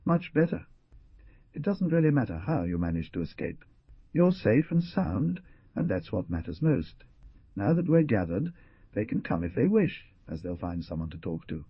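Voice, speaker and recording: A man's voice: on the low side, big pitch swings, normal speed, husky, dry recording, lo-fi sound, heavily acted. A man voicing a fatherly Canadian hunter, earnest and hearty, in a storybook reading.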